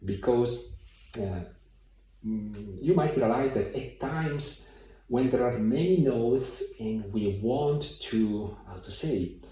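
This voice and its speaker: A man giving a piano tutorial in a thoughtful, hesitant way, with many pauses and fillers, recorded from a distance in a room with a piano. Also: mid-range voice, animated, mellow. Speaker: piano teacher. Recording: very echoey room, mic far off. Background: piano playing.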